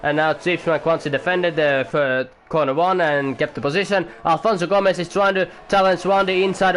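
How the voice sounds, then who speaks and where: A man doing amateur commentary on a sim race at home, excitable at times, swearing now and then, and keeping his voice down for the neighbours. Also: on the high side, moderate pace, few pauses. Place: home room.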